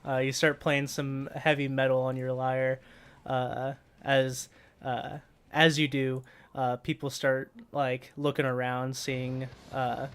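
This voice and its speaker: A man's voice: medium pitch, little pitch movement, a bit bright, clean tone. A man narrating as game master of a tabletop game, filling his speech with hesitations. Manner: halting, full of fillers.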